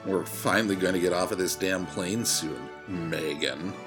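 A sullen, callous teenage boy who brushes off his mother, read by a man with a deep voice. He sounds dismissive, and faint music sits behind him. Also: normal speed, close to an everyday voice. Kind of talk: audiobook reading.

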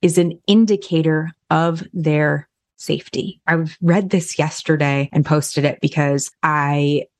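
A woman with a low voice hosts a podcast and talks through addiction and parenting in a frank, candid way. She speaks off the cuff and swears casually. Her voice sounds dry and close. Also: steady tone, measured pace, no echo. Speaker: podcast host and addiction counselor. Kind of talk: conversational podcast advice.

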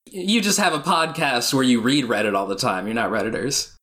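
A man's voice: mid-range voice, a little fast, bright, forceful tone. A man co-hosting a podcast, teasing the guest in casual, wry chat. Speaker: podcast co-host.

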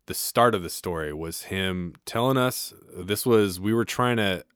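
A man's voice: low-pitched, unhurried, fairly bright tone, clear, resonant tone, dry recording, studio quality. A man from a touring band retelling a road story in casual chat.

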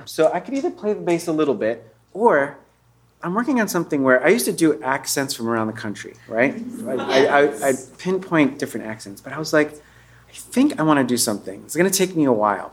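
A man's voice: mid-range voice, a little hiss or hum. A man chatting casually on a talk show as a comedian guest, rambling and cutting himself off, breaking into laughter. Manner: rambling, self-interrupting, with bursts of put-on voices and laughter.

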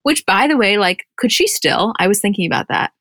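A woman's voice: medium pitch, big pitch swings, a little fast, a bit bright, dry recording. A young woman co-hosting a podcast, chatting casually and rambling with lots of filler words. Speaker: podcast co-host. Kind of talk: casual chat recapping a reality show.

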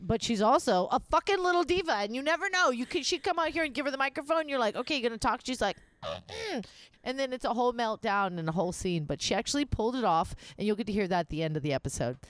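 A woman's voice: fairly high pitch, lively intonation, quick pace, few pauses, no room sound. A woman co-hosting a podcast in casual chat. She tells stories brashly, swears often, and is tipsy from shots. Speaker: podcast co-host.

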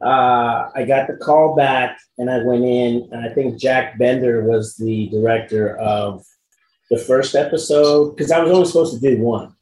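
A man's voice: mid-range voice, moderate pace. A man, an actor, casually telling stories about a past role with frequent fillers. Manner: relaxed, frequent fillers, lively when quoting himself. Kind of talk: casual anecdotal storytelling. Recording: roomy with faint background noise.

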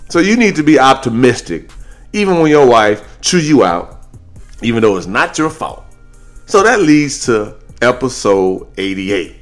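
A man hosting a podcast, telling stories in a casual, animated way, with his voice jumping higher when he jokes. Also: measured pace, soft background music. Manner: animated storytelling, jumps high when joking. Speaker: podcast host.

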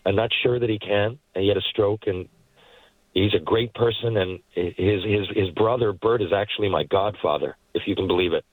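Man, 40s; lowish, dry-recorded, rambling storyteller guest. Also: moderate pace, no echo, poor audio. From Newfoundland, Canada. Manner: rambling, animated anecdotes with frequent asides. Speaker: guest, former hockey player and actor. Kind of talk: casual storytelling interview. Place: parked car.

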